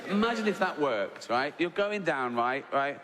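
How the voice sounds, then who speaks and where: A man's voice: fairly high pitch, expressive, normal speed, very noisy. A middle-aged man doing stand-up comedy, chatty and swearing freely, tagging his lines with "right?". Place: large theatre stage. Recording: echoey theatre with faint ambience. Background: audience laughter.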